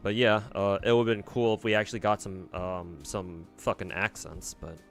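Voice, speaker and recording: A man's voice: on the low side, flat delivery, normal speed, soft background music. A man streaming a game, chatting casually and reacting bluntly to viewer comments, with lots of swearing and filler words. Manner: blunt and profane, drawling with many fillers.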